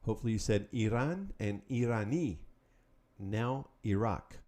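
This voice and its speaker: A man hosting a Spanish lesson podcast, calling out words, pausing, then giving the answers in an upbeat, patient way. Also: lowish voice, animated, warm tone. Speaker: Spanish teacher. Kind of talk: podcast language drill.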